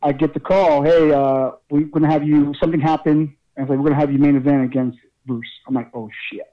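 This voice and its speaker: Excitable wrestler spinning a lively tale. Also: male voice, fairly high pitch, quick pace, muffled recording. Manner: swearing, laughing, lively storyteller. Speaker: pro wrestler guest. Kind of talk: casual storytelling interview.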